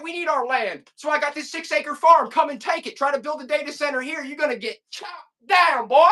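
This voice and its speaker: A man's voice: very high-pitched, fairly quick, hardly any pauses, bright, forceful tone. A man hosting a casual live-selling stream, rambling and getting fired up in folksy rants between items. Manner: folksy, calls listeners "boy". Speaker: live auction seller.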